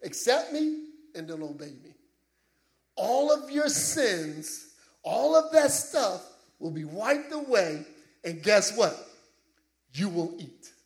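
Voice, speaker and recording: Man, preacher, sermon, high voice, very lively pitch, slow delivery, conversational asides. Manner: animated, laughing asides, asks congregation "Amen?".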